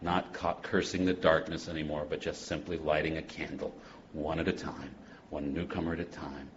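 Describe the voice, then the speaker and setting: A man speaking at a recovery convention, joking and animated, moving between loud bursts and hushed passages. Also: rumbling low, normal speed, a little hiss or hum. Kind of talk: humorous personal talk to a live audience. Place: convention hall. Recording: dull lo-fi live talk recording.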